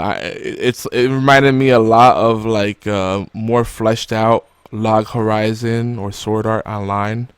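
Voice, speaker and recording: A man's voice: lowish voice, smooth, no room sound. Rambling male podcast host, dry sound. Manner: rambling, many fillers, joking. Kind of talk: casual podcast chat.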